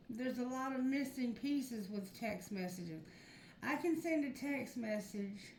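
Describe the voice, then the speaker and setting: A woman reading tarot for her viewers, talking frankly and chattily and now and then calling on spirit. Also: on the high side. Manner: frank, chatty, addresses spirit, earthy phrasing. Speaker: tarot reader. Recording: echoey room with noise behind.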